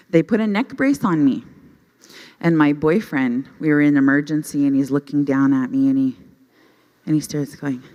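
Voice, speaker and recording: Woman, stand-up comic, low voice, self-deprecating, laughs at her own jokes, stage microphone. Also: a little mellow, dull audio. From Canada. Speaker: stand-up comedian. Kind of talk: stand-up comedy storytelling. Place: stage at a youth conference, before a live audience. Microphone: handheld microphone.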